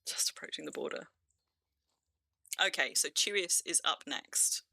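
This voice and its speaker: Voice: mid-range voice, huge pitch swings, measured pace, vocal fry, pushed and bright, no room sound. A game streamer from England with a near-RP southern English accent, chatting casually through play, laughing often and restarting sentences. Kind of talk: casual live-stream commentary.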